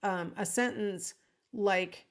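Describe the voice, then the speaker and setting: A woman instructor records a casual lecture alone at home or in an office, taking it slowly in a mid-range voice. She says "um" a lot, makes asides to the listener, and acts out example lines in different intonations.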